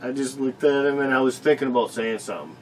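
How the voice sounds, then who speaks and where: A man's voice: mid-range voice, fast talker, a little hiss or hum, low-quality recording. A man co-hosting a casual chat, telling stories in a laid-back, profane, laughing way. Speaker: podcast co-host.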